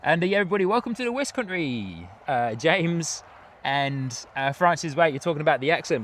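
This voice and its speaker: A man's voice: fairly high pitch, very animated, brisk, a bit bright. An English man in his thirties hosting a live plane-spotting stream outdoors at an airport, chatting loosely with many fillers and laughs. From England. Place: outdoors at an airport, light rain. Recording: outdoor stream with faint background noise. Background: faint outdoor and vehicle noise.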